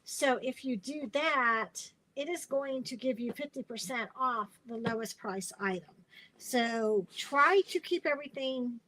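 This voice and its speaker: A woman's voice: on the high side, measured pace, bright, forceful tone, poor audio. Chatty woman, tired and rambling. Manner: chatty, rambling, many fillers and restarts. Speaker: craft demonstrator hosting a live stream. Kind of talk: casual live-stream chat.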